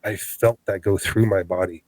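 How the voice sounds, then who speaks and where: A low-pitched man tells a first-hand story of a scary night outdoors, his delivery lively as he acts out every line of dialogue. The sound is dry and close, with no room around him. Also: moderate pace, dry recording, rough recording. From Canada. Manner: animated, acts out quoted dialogue. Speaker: podcast guest. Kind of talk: storytelling an encounter.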